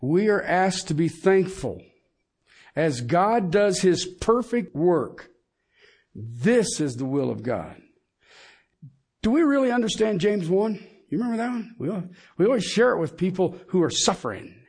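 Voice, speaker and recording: A man's voice: high-pitched, expressive, a little slow, pauses often, a little mellow, husky. A middle-aged man preaching a sermon, emphatic and asking the congregation questions.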